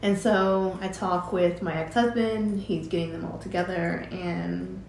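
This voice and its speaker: A woman's voice: on the low side, fairly even intonation, vocal fry, a little mellow, echoey room, a little hiss or hum. Emotional woman telling her story. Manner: halting and emotional, many fillers and restarts. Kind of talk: personal storytelling.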